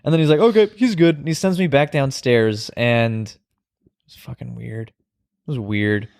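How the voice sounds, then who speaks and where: A man's voice: mid-range voice, moderate pace, vocal fry, darkish tone. A young man co-hosting a podcast, telling a story in a laid-back way with lots of fillers and swearing. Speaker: podcast co-host. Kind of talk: casual chat.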